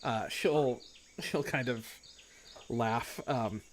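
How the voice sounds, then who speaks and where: A man serves as game master for an online tabletop game, narrating loosely and rambling with lots of "like" and "kind of." His voice is medium-pitched and he speaks very slowly.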